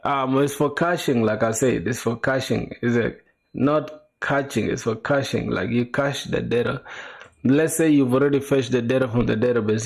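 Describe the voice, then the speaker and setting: A man's voice: medium pitch, creaky, a little mellow. A young man casually chatting with viewers on a coding livestream, laid-back and slangy, explaining as he thinks aloud. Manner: answers chat while thinking aloud, with fillers and restarts. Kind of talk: casual live-stream chat.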